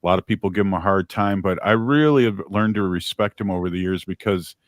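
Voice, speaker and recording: A man's voice: sits low, fast, no room sound, clean studio sound. A man hosting a radio talk show, telling rambling, joking anecdotes with many fillers. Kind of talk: casual radio conversation.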